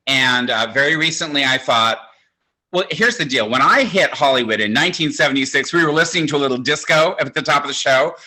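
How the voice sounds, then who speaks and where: There's slight hiss or hum under a man's medium-pitched, brisk, bright and forceful voice. He's in his sixties, performing stand-up for a virtual show from his home with a campy, conversational and self-mocking style.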